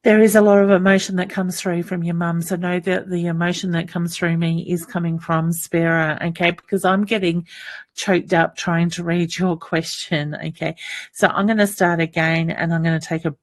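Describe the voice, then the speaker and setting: A woman's voice: on the low side, little pitch movement, normal speed. A woman with an Australian accent hosting a live psychic stream, reading viewer comments and calling viewers honey in a chatty way.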